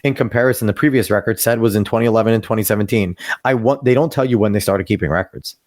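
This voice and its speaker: Ranting hard with profanity and abrupt, climbing outbursts, this male podcast co-host joins a casual opinion chat via video call. He speaks fast in a lowish voice, and the recording is dry and studio-clean.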